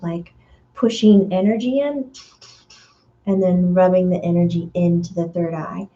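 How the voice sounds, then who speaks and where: A woman medium giving a spiritual energy reading, talking in a dreamy, searching way with many fillers and now and then acting out voices in sudden high bursts. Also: warm tone, highs cut off.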